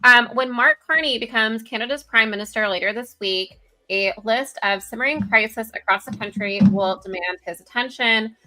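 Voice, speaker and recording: A woman co-hosting a casual political commentary show over a video call, chatty and giggly, reading news aloud with quick asides. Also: fairly high pitch, pushed and bright. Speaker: co-host. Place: home, virtual background.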